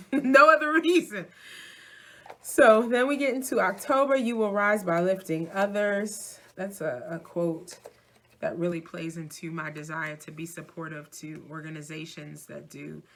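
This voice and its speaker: A woman in her forties from New York City, a vlogger and minister, chats casually and animatedly while flipping through her planner, laughing easily. Her low, unhurried voice has vocal fry and an accent mixing New York, Midwest, Southern and Louisiana, with slight background noise.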